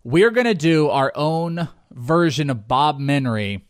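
Lively, joking podcast host man. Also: on the high side, no echo, clean studio sound. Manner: joking, rambling, quick laughs. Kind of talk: casual chat.

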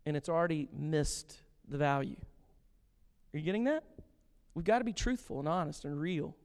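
A pastor preaching a sermon with passion and jokes, animated and lively in his delivery. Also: on the high side, moderate pace, clean tone. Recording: long reverb of a hall.

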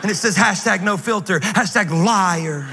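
A man preaching a sermon in an energetic, joking, conversational way. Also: high voice, normal speed, gravelly, loud music behind the voice. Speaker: guest pastor. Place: large church auditorium. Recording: reverberant hall, faint noise.

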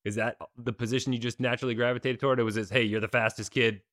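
A man's voice: medium pitch, very fast, no echo, clean studio sound. A man hosting an interview, asking loose, conversational questions. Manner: relaxed, loose questions with fillers. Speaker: interviewer, podcast host.

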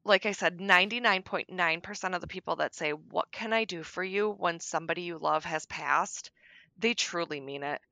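Middle-aged woman guest, bright tone, dry close sound, candid with dark humor. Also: fairly low pitch, normal speed, vocal fry, dry recording. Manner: frank, darkly joking, soft-spoken at times. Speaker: podcast guest. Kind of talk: candid conversation about grief.

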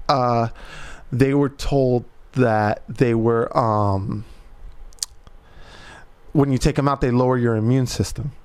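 A man and father co-hosting a podcast, telling an animated anecdote full of slang and swearing. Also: medium pitch, slow, pauses often, smooth. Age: adult parent. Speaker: podcast co-host. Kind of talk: casual storytelling chat.

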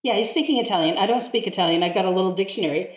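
Woman, lively storyteller, laughs a lot, mimics voices, echoey room. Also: mid-range voice, racing. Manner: animated, laughs often, mimics others in quotes. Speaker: guest. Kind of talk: casual storytelling in conversation. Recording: roomy echo.

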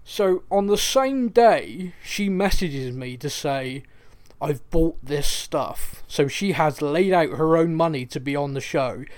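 A man's voice: a little high, slow. A man with a Bristolian accent co-hosting a podcast, chatting casually and telling a story with lots of laughs. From Bristol, England. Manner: animated storyteller, laughs often. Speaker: podcast co-host. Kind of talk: casual chat.

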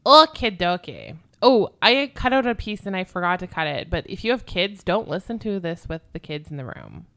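A woman's voice: on the low side, expressive, normal speed, few pauses, fairly bright tone. A woman co-hosting a podcast, telling a ghost story in loose, chatty talk with swearing and giggly asides.

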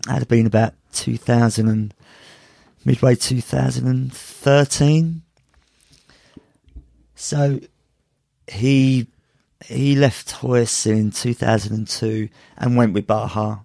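A man's voice: mid-range voice, steady tone, slow, gravelly, warm tone, no echo, studio quality. A man, a martial arts instructor and podcast guest, telling a story casually with many restarts and frequent laughter. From United Kingdom.

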